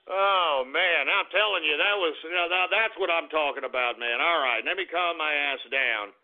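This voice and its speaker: A man's voice: on the high side, normal speed. A man hosting a rowdy call-in radio show, boisterous, whooping and laughing, often swearing. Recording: tinny phone-line sound with faint music.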